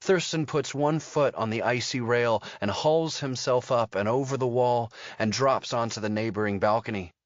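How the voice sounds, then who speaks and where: A man narrating a thriller audiobook in a steady, measured storytelling manner. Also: fairly low pitch, no room sound, muffled recording. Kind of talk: scripted narration.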